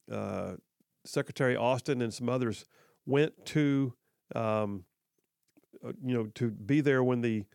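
A man's voice: medium pitch, darkish tone, no echo, clean studio sound. A man hosting a talk radio show, giving opinionated political commentary and repeating his points for emphasis.

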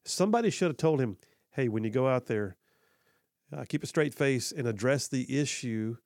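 A man's voice: medium pitch, darkish tone, no room sound, studio quality. A man hosting a talk radio show, giving opinionated political commentary and repeating his points for emphasis.

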